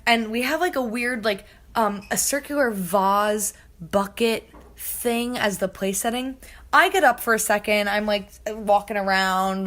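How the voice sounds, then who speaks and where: A woman's voice: medium pitch, a bit bright. A young woman telling a long story in a casual, chatty way, filling it with "like" and acting out the people she quotes. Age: young adult. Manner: chatty, heavy on filler "like", acts out quoted voices. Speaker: podcast host.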